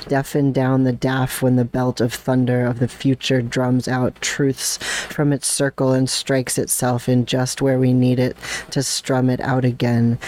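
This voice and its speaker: A podcast host introducing a poem with some hesitation, then reading it aloud in a slow, even, measured way. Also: medium pitch, clear, resonant tone. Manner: hesitant filler-laden introduction. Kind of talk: poetry reading.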